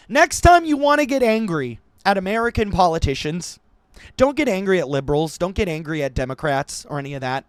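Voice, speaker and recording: A man reading news stories aloud and ranting about them in a profane, animated commentary for his channel, recorded on a desk microphone at home. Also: high voice, no echo. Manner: animated, swearing, laughing, ranting. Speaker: political commentary YouTuber. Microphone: new desk microphone.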